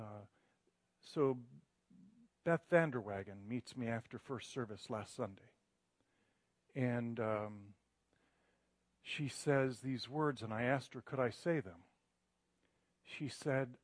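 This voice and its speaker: A man's voice: mid-range voice, takes it slowly, pauses often, no echo. A middle-aged man delivering a sermon as a guest preacher, chatty and self-deprecating, building to emphatic passages. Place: church sanctuary.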